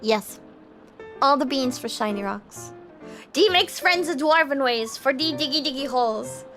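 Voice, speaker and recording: Woman, livestream host, high voice, giggly, casual chat, faint background music. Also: measured pace, a bit bright. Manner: refers to herself in third person; giggly, bubbly storytelling.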